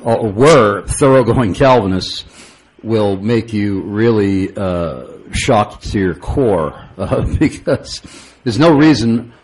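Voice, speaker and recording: Low-voiced radio host. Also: male voice, animated, slow pace, a little mellow, rough recording. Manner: hesitant with frequent uh fillers, chuckling asides. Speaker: radio talk show host. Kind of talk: call-in radio talk show.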